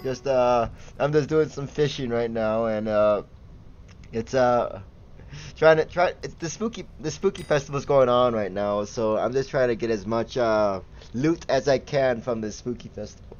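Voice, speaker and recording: A man's voice: mid-range voice, unhurried, dull audio. A young man giving casual, giggly commentary while livestreaming a game and chatting with viewers. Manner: giggly, easily excited, chatty with chat. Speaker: gaming livestreamer.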